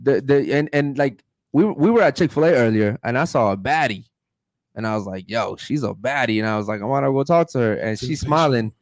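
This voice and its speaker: A man's voice: mid-range voice, expressive, fairly quick, dry recording. A man hosting a casual podcast chat, rambling with lots of fillers and restarts. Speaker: podcast host.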